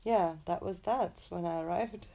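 A woman's voice: on the low side, normal speed, warm tone. A young woman from Germany, telling a story in casual chat with her partner, laughing often. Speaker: co-host.

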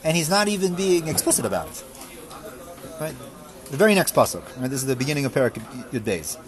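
A man teaching a Torah lesson, reading verses aloud and explaining them with fervent emphasis that falls back to quiet reflection. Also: on the high side, very animated, quick pace. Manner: reads verses aloud, then translates and explains. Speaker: rabbi teaching a class.

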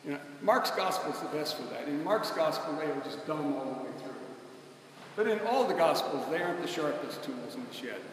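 Man preaching, high voice, booming church echo, conversational and emphatic. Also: expressive, a little fast, slight background noise. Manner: conversational, emphatic, calls on the congregation to respond. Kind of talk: sermon. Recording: echoey church hall, mic at a distance.

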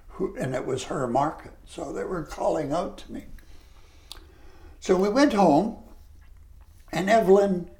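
An older retired lecturer telling stories of his past, animated when he quotes people. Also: fairly high pitch. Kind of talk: reminiscing storytelling.

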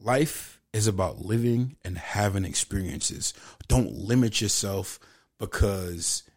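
A man's voice: lowish voice, slow, a little mellow. A man co-hosting a casual podcast chat, talking loosely in profane, joking slang. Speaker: podcast co-host.

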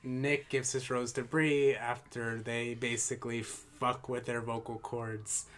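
A woman's voice: extremely low pitch, flat delivery, measured pace. A woman co-hosting a casual podcast, rambling with many fillers as she recaps. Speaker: podcast co-host. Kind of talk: casual chat.

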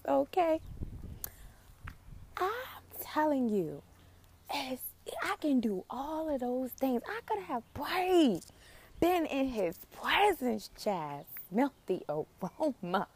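A woman's voice: on the high side, a little mellow. A woman hosting a podcast, preaching emphatically with repeated phrases and occasional drops to a whisper. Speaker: podcast host. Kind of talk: preaching-style podcast talk.

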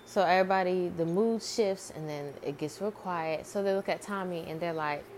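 A woman's voice: on the low side, normal speed, few pauses, a little hiss or hum. A woman casually retelling a movie script she dreamed up, rambling and repeating herself with many fillers. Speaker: amateur screenwriter.

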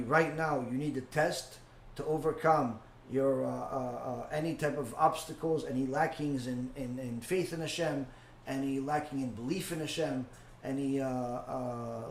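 A man teaching a Torah class and answering questions, halting with many fillers and repeating key phrases. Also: medium pitch, reverberant, a little hiss or hum. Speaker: rabbi teacher.

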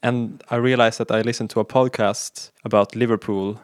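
A man's voice: fairly low pitch, steady tone, moderate pace, dry recording. Hesitant playful man, dry close sound. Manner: playful, hesitant, laughs often. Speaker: podcast co-host. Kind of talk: casual chat.

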